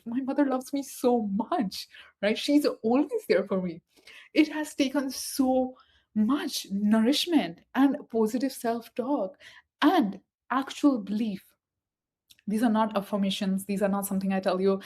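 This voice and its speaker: A fairly high, mellow voice with a breathy edge carries this woman's motivational spiritual talk at a moderate pace. She talks emphatically and repetitively to the listener, repeating key phrases directly at them.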